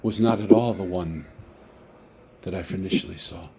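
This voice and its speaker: A man, an author, telling a personal story in a lively way and acting out the dialogue, over a video call. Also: deep voice, normal speed, slight background noise. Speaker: author guest. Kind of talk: storytelling talk.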